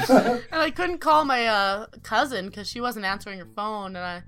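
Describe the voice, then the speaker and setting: A woman's voice: on the high side, animated, normal speed, fairly bright tone. A young woman from Canada telling a rowdy personal story in casual, swearing chat, laughing as she goes. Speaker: podcast host telling a story.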